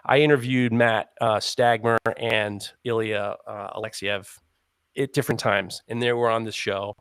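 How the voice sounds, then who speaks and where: A man's voice: lowish voice, steady tone, normal speed, fairly bright tone, clear, resonant tone, dry recording. A man co-hosting a live podcast in casual chat, rambling as he sets up questions and acts out what others might say. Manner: rambling, acts out quotes in funny voices. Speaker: podcast co-host asking questions.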